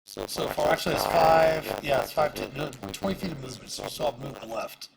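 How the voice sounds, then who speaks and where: A man's voice: mid-range voice, lively intonation, a little fast, creaky, rough recording. A man running a tabletop game as game master, explaining rules and correcting himself as he goes.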